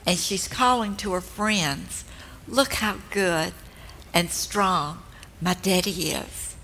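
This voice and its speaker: An older woman giving a slow, gentle and earnest devotional teaching talk. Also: medium pitch, a little hiss or hum. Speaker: speaker at a women's ministry event. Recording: long hall reverb.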